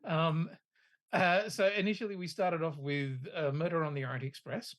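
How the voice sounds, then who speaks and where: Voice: medium pitch, fairly even intonation, normal speed, fairly bright tone. A podcast co-host in casual film chat, rambling, swearing and tripping over words.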